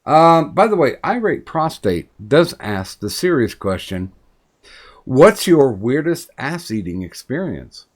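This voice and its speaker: A man hosting a casual podcast, calmly relaying chat questions and moderating. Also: mid-range voice, a little slow. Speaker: podcast host.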